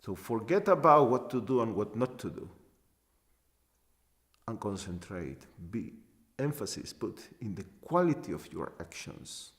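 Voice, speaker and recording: A man giving a spiritual talk as a teacher, halting and repeating short phrases for emphasis. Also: fairly low pitch, sing-song, fairly bright tone. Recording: long hall reverb.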